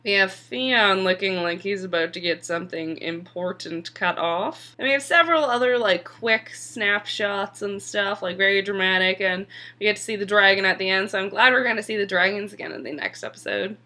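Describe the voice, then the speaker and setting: A woman's voice: mid-range voice, normal speed, hardly any pauses, sharp tone. A young woman casually recapping a TV episode, chatty and full of "like" fillers, sometimes swearing. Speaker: TV episode reviewer.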